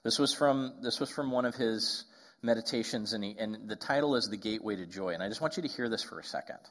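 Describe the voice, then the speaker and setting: A man delivers a sermon in a conversational way, tossing in asides to his listeners and restarting phrases. He slows right down to weigh his key points. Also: on the low side, a bit bright. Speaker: pastor.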